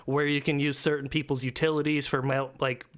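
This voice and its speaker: A man's voice: mid-range voice, flat delivery, a little fast. A man co-hosting a casual gaming podcast, rambling with lots of fillers and casual swearing. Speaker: podcast co-host.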